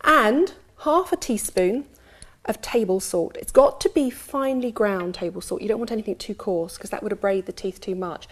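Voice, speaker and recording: A British woman presenting a beauty segment on television in a studio kitchen, brisk, upbeat and instructive as she demonstrates a home recipe step by step. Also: medium pitch.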